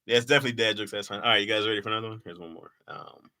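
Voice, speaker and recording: Bright-voiced man laughing at his own jokes. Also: lowish voice, racing. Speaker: comedian reading his old jokes to a live chat. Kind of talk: casual livestream chat.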